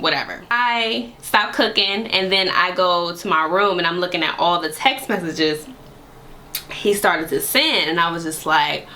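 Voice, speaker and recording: Sassy, animated woman telling a story. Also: fairly low pitch, slight background noise. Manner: animated, sassy, slangy retelling with frequent laughs. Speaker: vlogger. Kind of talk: casual storytime.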